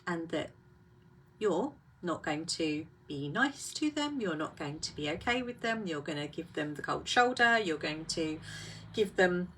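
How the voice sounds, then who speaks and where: A woman's voice: fairly low pitch, expressive, a little slow, fairly bright tone, slightly rough. A woman hosting a casual live talk, reflective and full of rhetorical questions.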